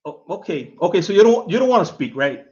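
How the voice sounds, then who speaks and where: A man with a high, lively voice that swings all over as he taunts and ribs someone to camera. He laughs a lot, repeats phrases and tags "man" onto everything. The sound is dull and lo-fi. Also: quick pace. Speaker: video host. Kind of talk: casual mocking rant to camera.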